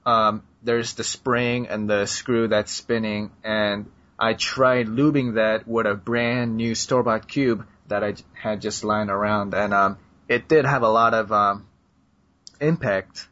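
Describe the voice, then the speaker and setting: A man's voice: lowish voice, fairly even intonation, a little slow, a bit bright. A man co-hosting a podcast, chatting casually and rambling with lots of fillers and laughs. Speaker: podcast co-host. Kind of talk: casual chat. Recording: dull lo-fi sound.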